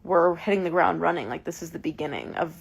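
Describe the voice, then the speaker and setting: A woman's voice: on the low side, fast talker, gravelly, husky. A woman in her twenties chatting casually with fans on a live stream from her phone, emotional and full of fillers and restarts. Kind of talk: casual livestream chat with fans.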